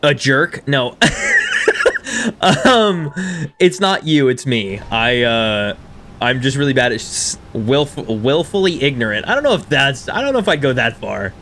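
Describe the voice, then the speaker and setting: A man in his thirties streaming a game and chatting with his viewers in a casual, self-deprecating way, with quiet music underneath. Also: mid-range voice, big pitch swings, moderate pace, slight background noise. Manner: chatty and self-deprecating, reading chat aloud. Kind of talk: casual live-stream chat over gameplay.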